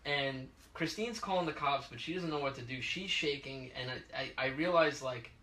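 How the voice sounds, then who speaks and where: A man telling a story in casual podcast chat, animated and acting out the people in it. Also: medium pitch, normal speed, distant mic. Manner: animated, acts out quoted voices. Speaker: podcast host. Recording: echoey room, away from the mic.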